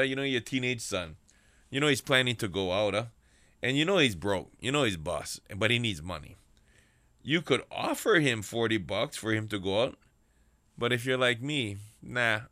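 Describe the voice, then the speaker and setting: A man preaching a sermon, with slow, repetitive rhythm and addresses to his congregation. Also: medium pitch, sharp tone, dry recording.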